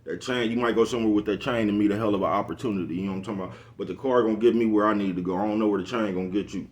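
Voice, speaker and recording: A man's voice: fairly low pitch, racing, a little mellow. A man, talking casually to camera, rambling, repeating "you know what I'm talking about" and laughing at his own jokes. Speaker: vlogger. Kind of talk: casual monologue.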